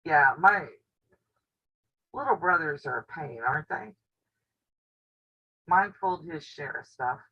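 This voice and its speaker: A woman's voice: sits low, expressive, takes it slowly, long pauses, bright, forceful tone, husky. A woman with a drawl chats through a casual live stream from home, spinning stories and laughing often. Her voice reaches the camera on the table with a dull, lo-fi sound. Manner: chatty storyteller who laughs often. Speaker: quilting channel host. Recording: dull lo-fi audio.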